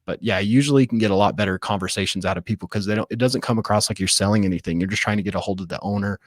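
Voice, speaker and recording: A real estate wholesaler with a fairly low voice talks very fast in a casual interview about how he makes sales calls. He acts out sample phone scripts and keeps asking "right?" The studio recording is clean, with no room sound.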